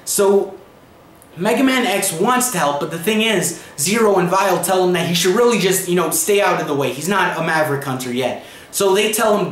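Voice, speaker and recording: A young man recapping a comic book in a casual, chatty way, leaning on fillers as he goes. His voice sits high. The room around him gives a clear echo. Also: a bit bright. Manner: chatty, filler-heavy retelling. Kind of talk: casual video review.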